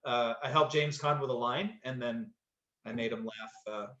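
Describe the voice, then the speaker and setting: A man's voice: mid-range voice, moderate pace, a bit bright. Actor guy rambling through a story, lots of ums and restarts, echoey dull-sounding room. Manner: rambling, many fillers and restarts. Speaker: actor, podcast guest. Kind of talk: casual anecdote telling.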